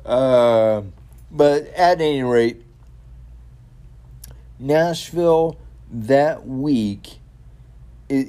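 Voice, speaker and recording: Male solo podcast host, relaxed and slow-talking, halting but eager, lots of "uh" and restarts. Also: mid-range voice. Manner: halting, many fillers and repeated words, enthusiastic. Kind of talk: casual solo wrestling talk show.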